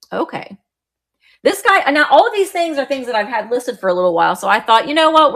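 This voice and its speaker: A middle-aged woman hosting a live online auction of vintage items, chatting warmly and greeting viewers by name as she describes each piece. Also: fairly high pitch. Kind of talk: live-stream sales chat.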